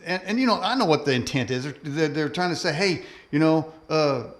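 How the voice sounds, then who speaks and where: A male talk show host chats with a guest in a homespun, cowboy-flavored way. His voice sits fairly high for a man. He talks easily and plainly, loose and friendly in his phrasing. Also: lively intonation, fast talker, fairly bright tone. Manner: folksy, self-described cowboy talk. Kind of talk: casual interview chat.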